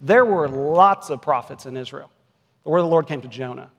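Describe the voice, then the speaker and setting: Male pastor, forties, earnest sermon voice, a touch high, long church reverb. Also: fairly quick, dull audio. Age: 40s. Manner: earnest, rising to emphatic peaks. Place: church sanctuary.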